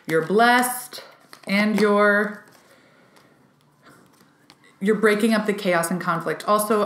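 A woman giving a casual, channeled card reading to her viewers, excited and chatty, with many "like" fillers. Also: medium pitch. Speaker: intuitive card reader. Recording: roomy echo.

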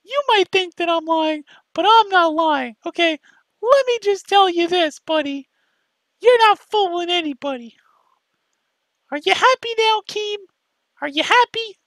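Squeaky whiny young dude, nagging the same questions over and over, bright and tight sound, dry close mic. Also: male voice, expressive, unhurried, dry recording, full character voice, poor audio. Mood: shrill ranting. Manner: nagging, repetitive, shrill questioning. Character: whiny, self-pitying young man berating a rival. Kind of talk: mocking impression in a commentary video.

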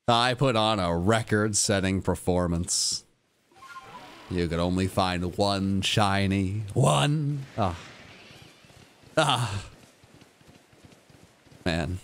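A man's voice: sits low, very slow, pauses often, a little hiss or hum. A young man livestreaming a game, switching between a hyped, goofy streamer voice and glum, self-mocking mutters to his chat. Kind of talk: casual livestream commentary.

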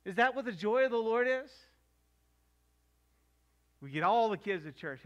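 A middle-aged male preacher, high-pitched, gives a sermon in which he slows on quoted verses for emphasis and voices the people in domestic scenes he acts out.

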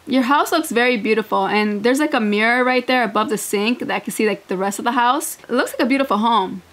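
A woman's voice: fairly high pitch, fast, fairly bright tone. A woman hosting a reaction video, talking casually and bluntly, laughing often and swearing freely.

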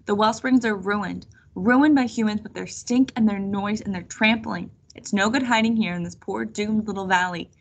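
A woman's voice: medium pitch, moderate pace, hardly any pauses, natural voice. A woman reading aloud voices a scheming, sly older female witch who hisses and wheedles. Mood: scornful. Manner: hissing, wheedling.

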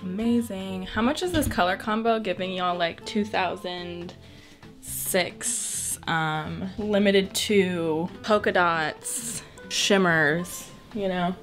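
A woman's voice: on the low side, slow pace, soft background music. Bubbly young woman vlogging at home. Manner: bubbly, chatty, gasps with excitement. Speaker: lifestyle vlogger. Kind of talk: casual vlog chat to camera. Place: at home in her room.

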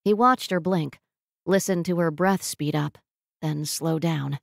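A woman narrating a romance audiobook in a measured, emotive reading on a close mic. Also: sits low, creaky, no echo. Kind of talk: scripted narration.

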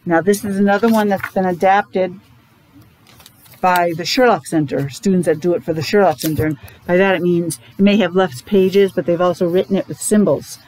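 A woman's voice: on the low side, steady tone, normal speed, a little mellow, a little hiss or hum, poor audio. A woman teacher with a Rhode Island accent, chatting to her students as she introduces a picture book, making playful animal sounds.

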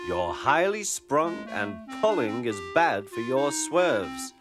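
A man's voice: mid-range voice, sing-song, takes it slowly. A man voicing a fussy, self-important female diesel railcar in a children's storybook. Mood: haughty. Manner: prim, complaining, self-important. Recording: background music.

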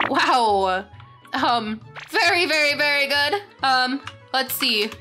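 A young woman hosting a game tour, gushing with excitement and saying "very, very" over and over as she chats casually. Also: high-pitched, extremely slow. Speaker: gaming channel host. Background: faint background music.

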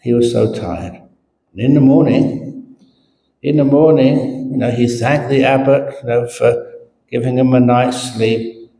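A man, a Buddhist monk, telling a story in a Dharma talk at an unhurried pace, repeating words for emphasis. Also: medium pitch, warm tone, slight background noise. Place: meditation retreat hall. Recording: roomy hall with faint ambience.

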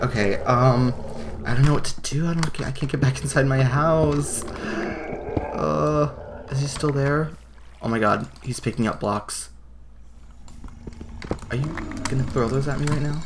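A young man hosting a let's play, excitable and gasping, leaping to high shrieks when something scares him. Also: unhurried, pauses often. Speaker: gaming channel host. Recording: noisy home recording with keyboard clicks.

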